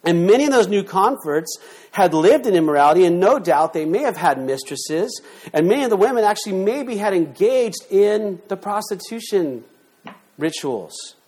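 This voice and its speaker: A man in middle age delivers a sermon with a slightly higher-pitched voice. He is emphatic, pushing rhetorical questions at the congregation and swinging between loud punches and quiet asides. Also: moderate pace, husky. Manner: emphatic, rhetorical questions, lively shifts in loudness. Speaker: pastor.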